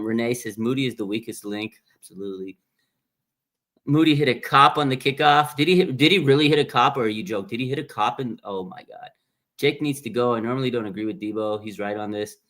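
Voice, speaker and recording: Blunt, animated man on a fan livestream. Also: medium pitch, a little fast. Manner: animated, blunt, reads viewer comments. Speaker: livestream host. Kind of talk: casual fan commentary.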